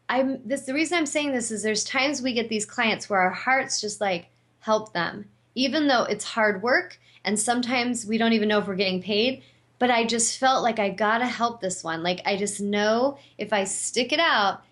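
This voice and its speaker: A woman's voice: a little high, moderate pace, fairly bright tone. A woman who hosts her own show as an intuitive healer, telling a personal story in an earnest, emphatic and casual way, with lots of "like" fillers.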